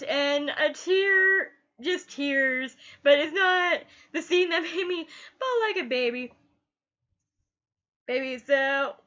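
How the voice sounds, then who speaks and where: A woman's voice: sits high, pushed and bright, muffled recording. A woman reviewing a TV episode in casual chat, gushing and often repeating her last word.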